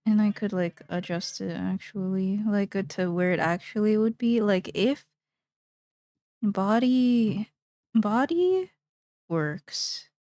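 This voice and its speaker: A woman's voice: mid-range voice, steady tone, a little slow, few pauses, a little mellow, no room sound, clean studio sound. A young woman streamer chatting casually while she draws, rambling playfully and thinking aloud.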